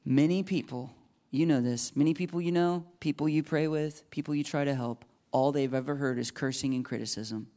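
A young man preaches a personal testimony in a lively storytelling manner. His voice sits a little higher than most men's and jumps way up when he acts out his own thoughts. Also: brisk. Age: young adult. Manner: animated storyteller, jumps into high excited voices for quoted thoughts. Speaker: pastor. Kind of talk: sermon testimony.

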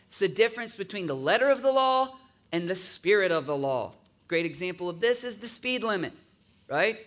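Preaching in a high-pitched, fairly bright voice, this pastor keeps the sermon conversational, regularly seeking the audience's agreement and voicing grumblers in his asides.

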